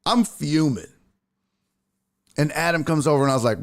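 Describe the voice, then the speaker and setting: A man hosting a sports talk show, a comedian telling a profane, emphatic story in an animated way, sounding a bit congested. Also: a little high, normal speed, creaky, pauses often. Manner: profane, emphatic, fired-up ranting. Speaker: podcast host and stand-up comedian.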